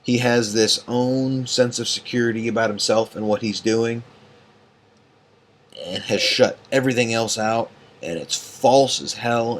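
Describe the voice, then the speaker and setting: A tired man ranting late at night as an online group admin, angry and profane, rambling with many fillers. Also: mid-range voice. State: tired and yawning.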